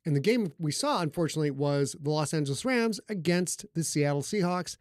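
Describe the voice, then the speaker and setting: A man with a slightly higher voice hosts a podcast, swearing freely and joking in animated bursts. He speaks close to a studio mic in a dry room. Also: brisk, no room sound. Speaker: podcast host and author. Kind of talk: casual podcast chat.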